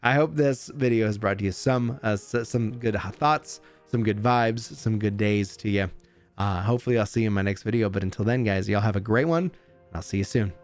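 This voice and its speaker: A man's voice: on the low side, faint music behind. A man who makes gaming videos, reading a developer update aloud and then chatting casually about it. He stumbles and restarts often and jokes at his own slips. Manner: reads haltingly with slips and restarts, chatty and self-deprecating. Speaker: gaming YouTuber.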